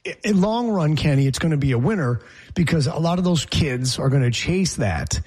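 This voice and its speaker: A brash male sports talk host who rambles from point to point and throws in jokes. His voice sits a little high for a man and has a husky edge. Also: lively intonation, moderate pace, darkish tone.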